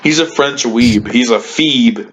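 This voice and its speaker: A man's voice: medium pitch, takes it slowly. A man co-hosting a podcast in casual chat, rambling through stories and giggling often. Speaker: podcast co-host. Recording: dull lo-fi with faint hiss.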